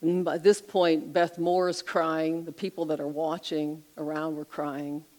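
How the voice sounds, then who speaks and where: A middle-aged woman retelling an inspirational story on a Christian talk show, expressive and lively as she narrates. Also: low voice, measured pace, poor audio.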